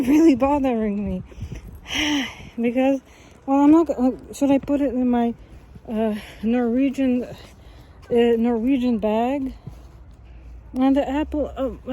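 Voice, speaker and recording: A woman with a somewhat high but soft, mellow voice talks freely on her own. She drifts from one thought to the next, stops to fix her words and fills the gaps with "uh" and "like". A faint hiss sits under the recording. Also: a little slow, pauses often, low-quality recording. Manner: rambling, jumps between topics, self-correcting; frequent laughs and fillers. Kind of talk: rambling monologue.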